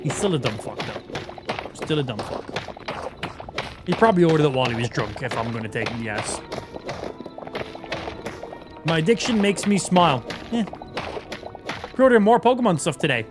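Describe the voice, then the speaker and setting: Irish male streamer, profane and mocking, animated delivery, music under the voice. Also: fairly high pitch, moderate pace, long pauses. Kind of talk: casual gaming livestream commentary.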